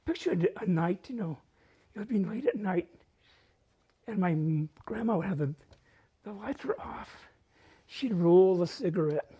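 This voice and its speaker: Taking a measured pace with long pauses, an older man tells self-mocking childhood stories at a library open mic, laughing as he goes. His expressive voice is high-pitched, warm and slightly rough.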